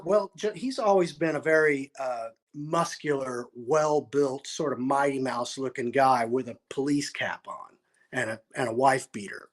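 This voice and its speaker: A man, a musician, telling a long story in an interview, acting out quotes and often restarting his sentences. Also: a little high. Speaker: musician guest.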